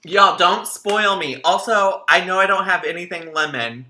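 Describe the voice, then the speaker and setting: A man with a strikingly bright, forceful voice pitched a little high, hosting a livestream. He chats casually and tells stories animatedly, calling his viewers "y'all". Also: normal speed. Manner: chatty, animated storytelling, addresses viewers as y'all. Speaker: livestream host. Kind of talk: casual reaction commentary.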